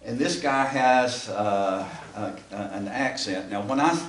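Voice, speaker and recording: A man's voice: mid-range voice, measured pace, fairly bright tone. Folksy Appalachian man teaching a class. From American South. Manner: folksy, with frequent uh fillers and restarts. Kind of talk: classroom lecture. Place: empty classroom. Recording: echoey room, camera far off, faint ambient noise.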